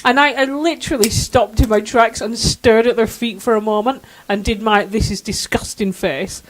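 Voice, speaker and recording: A co-host in casual chat, low-key and easygoing, mostly giving short replies. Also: steady tone, moderate pace, slight background noise. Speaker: podcast co-host.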